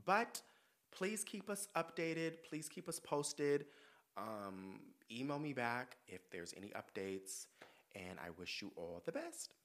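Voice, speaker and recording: Brief: male podcast host, mid-pitched voice, sassy and profane, blunt advice. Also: very animated, slow pace, a bit bright. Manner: reflective and earnest when talking about himself. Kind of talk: casual advice chat.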